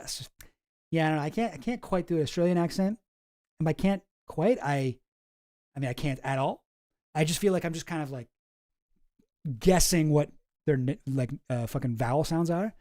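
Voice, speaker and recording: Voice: mid-range voice, normal speed, pauses often, dark tone, no echo, studio quality. A streamer giving casual commentary in a rambling, profane way, often breaking off mid-sentence and sometimes sarcastic. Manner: rambling, profane, self-interrupting.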